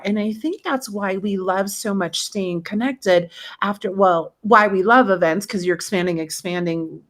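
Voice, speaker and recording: A woman hosting a podcast, chatting casually over a video call in an animated, gushing way, with the odd swear word. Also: mid-range voice, a little slow. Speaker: podcast host. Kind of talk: casual chat.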